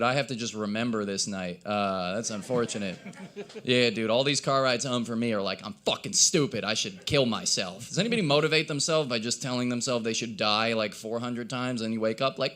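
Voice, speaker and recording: A man doing a stand-up set at an open mic, with a hoarse, cracking voice and a rambling, self-deprecating delivery. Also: mid-range voice, a bit bright. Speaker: stand-up comedian. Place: live open mic in a coffee shop.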